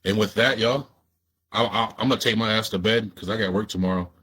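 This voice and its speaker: A man with a drawl chats casually on his own livestream, loose and profane as he talks straight to the viewers. His voice sits somewhat low. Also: steady tone, brisk, fairly bright tone, breathy edge. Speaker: livestream host.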